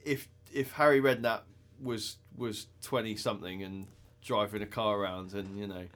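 A man's voice: on the low side, steady tone, moderate pace, fairly bright tone, faint music behind. A man co-hosting a podcast in casual chat, talking hesitantly and hunting for the right words. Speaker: podcast co-host.

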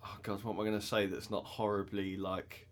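A man's voice: on the low side, flat delivery, brisk. A man co-hosting a podcast in casual chat, talking hesitantly and hunting for the right words. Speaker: podcast co-host.

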